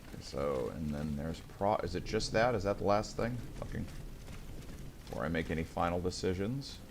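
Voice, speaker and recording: A man's voice: sits low, lively intonation, normal speed, gravelly, background noise. A man casually commenting on his own gameplay, chatting with viewers and muttering to himself, swearing when things go wrong. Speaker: gaming streamer.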